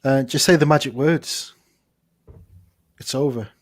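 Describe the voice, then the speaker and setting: A man co-hosting a casual advice podcast in a studio, giving joking, deadpan advice. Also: medium pitch, unhurried, no echo. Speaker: podcast co-host.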